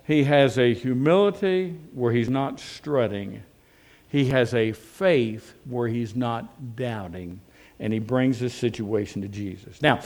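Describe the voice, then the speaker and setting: A man preaching a sermon in a folksy, animated way, with rhetorical questions and frequent restarts. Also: medium pitch. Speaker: pastor.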